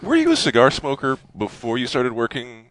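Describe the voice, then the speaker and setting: A man hosts a talk radio podcast, laughing often while he pulls the conversation back to the topic. His pitch rises and falls very widely as he speaks. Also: huge pitch swings, fairly quick, a bit bright, low-quality recording.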